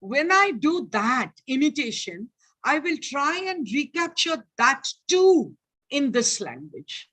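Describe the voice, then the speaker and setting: An older woman with an Indian English accent, giving an online lecture and answering questions in an animated, teacherly way that keeps checking in with her listeners. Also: sits high, slow. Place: online video meeting. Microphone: video call.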